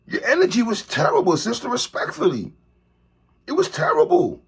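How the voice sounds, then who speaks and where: A man delivering an animated opinion commentary monologue, calling out a TV host and repeatedly tacking on "sister, respectfully.". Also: very high-pitched, moderate pace, creaky, breathy edge. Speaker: commentary vlogger.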